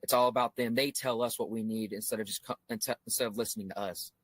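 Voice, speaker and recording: A man's voice: fairly low pitch, steady tone, fast, no echo. A man interviewed as a local resident, speaking bluntly and indignantly, restarting his sentences. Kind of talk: interview comments.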